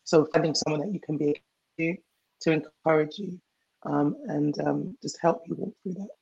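An emotional healing coach, a woman, giving advice in a measured, coaching tone. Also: low-pitched, vocal fry, darkish tone, slightly rough, muffled recording. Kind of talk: guest advice on a talk show.

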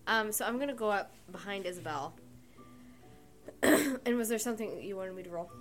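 A woman's voice: mid-range voice, lively intonation, moderate pace. A woman playing in a tabletop game, casual and hesitant, with frequent fillers. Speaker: player. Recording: background music.

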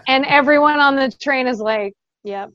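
A chatty woman with a slightly high voice chats as an interview guest, laughing often and filling pauses. Her voice is dry and close, but the sound is dull and lo-fi, as over a video call. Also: dry recording. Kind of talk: casual interview chat.

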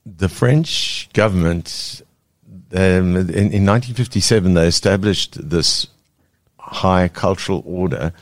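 A South African man, a cartoonist guest in a casual interview, speaking earnestly and pausing to search for words. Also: sits low, no room sound, clean studio sound.

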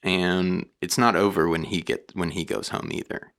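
Super deep gravelly dude, kinda bright edge, joking around in a chat. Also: male voice, fairly even intonation, normal speed. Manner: jokey interjections, dramatic asides. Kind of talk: casual chat.

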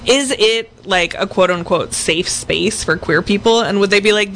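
A woman hosting a podcast, interviewing guests with eager, quick questions. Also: mid-range voice, fairly bright tone, a little hiss or hum. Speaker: podcast host.

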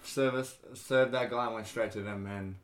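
A man's voice: lowish voice, steady tone, moderate pace. Laid-back Australian bartender guy. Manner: laid-back storytelling, lots of "like" and "yeah". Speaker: bartender guest. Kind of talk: casual chat.

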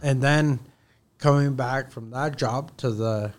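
A man's voice: mid-range voice, slow. Heated, profane man telling a job story. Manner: heated, profane, acts out both sides of phone calls. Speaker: contractor guest. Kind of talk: casual podcast storytelling.

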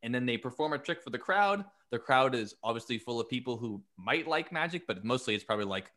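Excitable, swearing podcast man. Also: mid-range voice, quick pace. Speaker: podcast host. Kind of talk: casual chat.

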